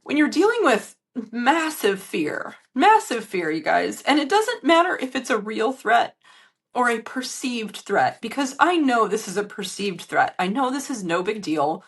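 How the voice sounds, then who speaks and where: A woman's voice: on the high side, big pitch swings, unhurried, slightly rough. A woman podcast host and business coach speaking earnestly and emotionally to her listeners, recorded on a phone in a hotel room. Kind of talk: candid solo podcast monologue.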